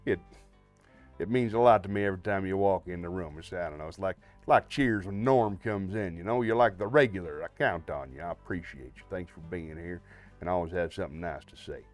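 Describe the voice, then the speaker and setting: A man's voice: deep voice, brisk, soft background music. A man hosting a livestream, chatting to viewers in a friendly, rambling way with many fillers. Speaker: livestream host. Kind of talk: casual chat to viewers.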